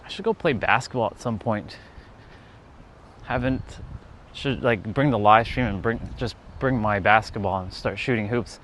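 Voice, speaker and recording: A man's voice: lowish voice, moderate pace, fairly bright tone, slight background noise. A man chatting casually on a live stream outdoors, rambling with lots of fillers and laughing at himself. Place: outdoors near a park.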